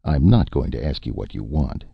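A testy, sarcastic man snaps his words in a low, restrained voice, as a man acts him out. His voice is very deep and husky, with lively swings in pitch. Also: moderate pace, no echo, exaggerated voice. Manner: curt, sarcastic, restrained anger. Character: irritable male film writer, curt and sarcastic. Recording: muffled lo-fi recording.

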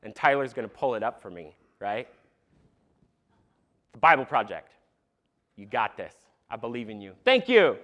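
A young man preaching a sermon to a congregation in a church, animated and conversational with asides to the crowd. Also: mid-range voice, normal speed, pauses often. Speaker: pastor. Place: church sanctuary.

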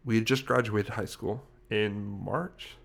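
A man's voice: on the low side, fairly even intonation, a little slow, fairly bright tone. A young man co-hosting a podcast, telling a story in a rambling, self-correcting way. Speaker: podcast host. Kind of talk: casual podcast chat.

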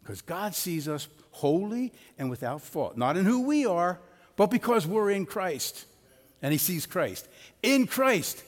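High-voiced pastor preaching in a reverberant church. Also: male voice, big pitch swings, a little slow. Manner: conversational preaching with personal stories and jokes. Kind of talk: sermon. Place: church sanctuary. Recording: long hall reverb of a church.

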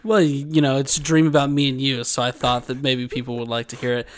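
A man's voice: medium pitch, flat delivery, fast, a little hiss or hum. Rambling, laughing man telling stories. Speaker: podcast co-host. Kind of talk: casual chat, telling a dream story.

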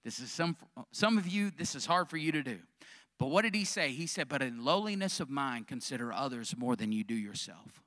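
A man's voice: on the high side, bright, forceful tone. A male pastor preaching a sermon, calling out questions to the congregation.

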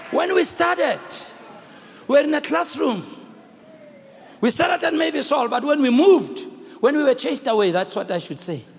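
A man's voice: very high-pitched, lively intonation, moderate pace, creaky, long pauses, a faint crowd. A man preaching a sermon, telling a story and calling out to his congregation. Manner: preaching loudly, switching between English and local languages, calling the congregation. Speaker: pastor. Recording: reverberant hall recording, faint room noise.

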